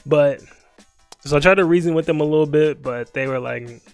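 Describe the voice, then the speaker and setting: A young man with a fairly high voice tells a rambling story while he streams, slipping into slang and acting out both sides of the dialogue between laughs. The sound is dry and close to the mic, with faint music playing behind him. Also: quick pace, no echo.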